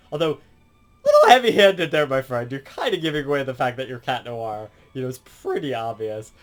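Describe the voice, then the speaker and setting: A man giving a casual, rambling review and plot recap, with lots of fillers and restarts. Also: medium pitch. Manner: rambling, full of fillers and self-corrections. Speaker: show reviewer.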